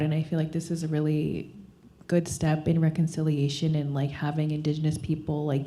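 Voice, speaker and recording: A woman speaks with a very dark, mellow tone and a low, flat pitch. She gives heartfelt thanks at a panel, soft and full of filler words. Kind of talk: thank-you remarks at a panel.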